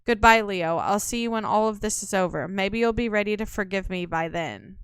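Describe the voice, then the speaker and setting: A woman's voice: medium pitch, moderate pace, fairly bright tone, clear, resonant tone, no echo, clean studio sound, lightly acted. A woman reading a cocky, slangy young rogue. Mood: breezy. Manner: breezy, slangy. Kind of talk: reading game dialogue aloud.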